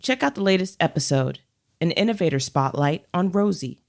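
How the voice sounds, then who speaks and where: Low-voiced woman reading a podcast promo. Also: lively intonation, gravelly, darkish tone. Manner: measured, emphatic listing. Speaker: podcast producer. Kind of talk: scripted promo read.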